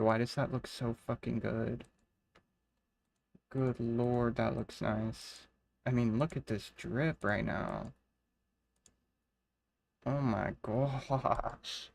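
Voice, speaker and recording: Woman streamer, excitable and profane, gravelly, slow-spoken, soft keyboard clatter. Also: very deep voice, slight background noise. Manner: excitable, swears and gushes freely. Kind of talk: live game stream chat.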